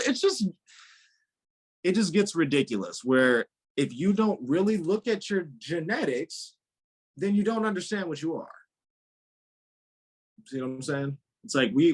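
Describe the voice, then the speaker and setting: A man speaking as a guest spiritual teacher in a casual interview, animated and emphatic, laughing often. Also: a little high, breathy edge.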